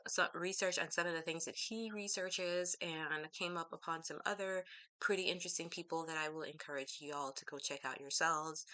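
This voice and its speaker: Middle-aged woman vlogger, low voice with a bright, forceful edge; chatty, rambling, self-correcting. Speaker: teacher. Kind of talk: casual chat to camera.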